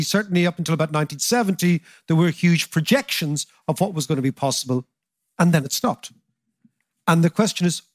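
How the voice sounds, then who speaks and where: A man hosting a podcast interview, telling stories in an animated, emphatic way. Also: a little high, no echo, clean studio sound. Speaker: podcast host. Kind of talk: conversational interview.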